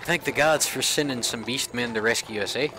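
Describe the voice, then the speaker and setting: A man's voice: mid-range voice, fairly quick, lightly acted. A man doing a chatty old peddler with a put-on brogue. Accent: put-on Scottish-like rural brogue. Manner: folksy, rambling, friendly. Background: game music.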